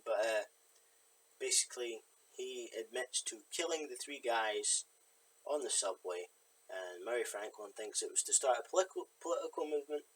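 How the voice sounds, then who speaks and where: A man's voice: mid-range voice, animated, normal speed, fairly bright tone, slight background noise, rough recording. A man casually retelling a film's plot in a review, rambling with fillers and side remarks. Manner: rambling, many fillers and asides. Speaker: film reviewer. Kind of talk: casual spoken film recap.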